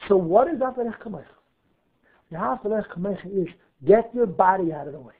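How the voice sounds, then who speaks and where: A rabbi teaching a class, lively, weaving Hebrew terms into his English and asking himself questions to answer them. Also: high-pitched, fast. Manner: animated, asks and answers his own questions. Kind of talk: Torah class lecture. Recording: narrow phone-like audio.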